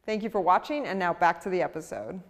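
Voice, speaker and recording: A woman's voice: on the low side, quick pace, big-room sound, slight background noise. A woman hosting an investigative show, talking in a chatty, casual way. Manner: chatty, uses lots of "like". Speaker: host and investigator. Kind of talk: casual interview talk and promo read.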